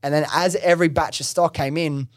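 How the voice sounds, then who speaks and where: A young man, a podcast host taking the guest seat, tells his business story in a lively, slangy way with frequent swearing and fillers. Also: a little high, fairly quick, dry recording, clean studio sound. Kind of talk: casual interview storytelling.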